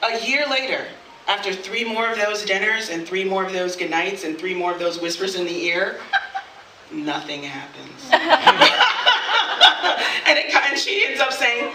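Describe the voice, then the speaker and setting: A woman performing a personal story live on stage, animated and quick to laugh, acting out the voices of others. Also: medium pitch, slight background noise. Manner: animated, laughs often, acts out quoted voices. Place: studio event space with audience. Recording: echoey room, voice from a distance.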